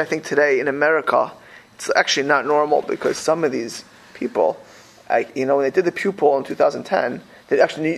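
A man with a high-side, creaky voice speaks over poor audio. He talks casually and animatedly about religious community life, rambling through lots of fillers and restarts.

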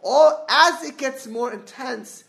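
Middle-aged guy teaching torah, high voice w/ lots of gravel, keeps restarting and going off on tangents. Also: slow pace, a bit bright. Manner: digressive, restarts often, hums melodies. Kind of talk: informal Torah class.

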